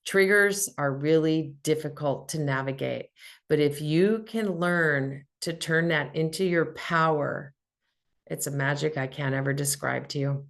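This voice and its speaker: A woman's voice: sits low, measured pace, vocal fry. A woman hosting a podcast, giving a candid, earnest personal motivational talk and swearing casually. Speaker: podcast host.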